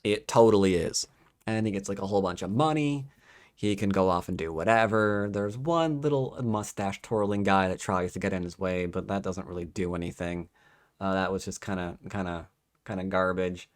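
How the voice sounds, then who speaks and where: A man giving a casual, sarcastic book review, exasperated and mocking the story in quick put-on voices. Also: low-pitched.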